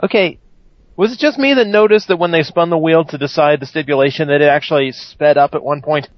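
A man's voice: on the high side, fairly quick, dry recording, dull audio. A man co-hosting a casual wrestling podcast, wry and chatty. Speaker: podcast co-host.

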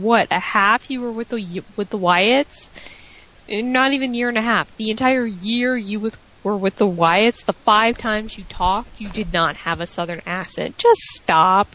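A woman co-hosting a wrestling recap, chatting casually with animated, joking remarks. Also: medium pitch, unhurried. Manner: animated and wisecracking. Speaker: co-host. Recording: dull lo-fi audio.

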